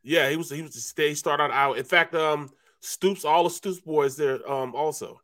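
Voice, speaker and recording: A relaxed former football player from St. Louis who tells stories in a slow, easy way and drops in "man" and "you know" all the time. His voice sits a little above the usual pitch for a man. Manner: laid-back storyteller, says "man" and "you know" a lot. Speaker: sports talk show co-host, former football player. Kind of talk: casual sports talk storytelling.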